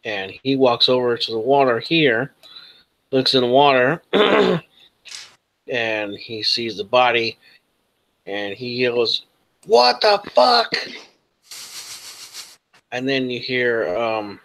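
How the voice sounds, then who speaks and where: A man's voice: mid-range voice, takes it slowly, fairly bright tone. A man narrating as game master of a tabletop game, in a laid-back way.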